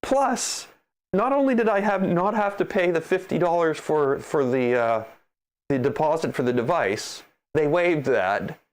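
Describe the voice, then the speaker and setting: A man hosting a maker livestream, chatting casually and telling stories with an animated, ranting manner. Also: a little high, a little slow.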